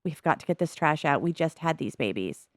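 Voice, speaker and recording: A woman voicing a tired, no-nonsense young mother from a life-simulation game in a flat, weary grumble. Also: sits low, brisk, no room sound, clean studio sound, voice pushed down.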